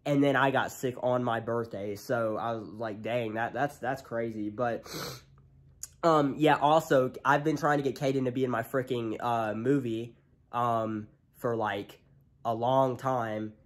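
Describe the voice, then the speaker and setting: A young man of eighteen, sick and congested, rambles through a casual home vlog. He talks extra loud into a handheld camera, full of fillers and restarts. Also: medium pitch, fairly even intonation, a little slow. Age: young adult. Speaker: vlogger. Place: home, indoors.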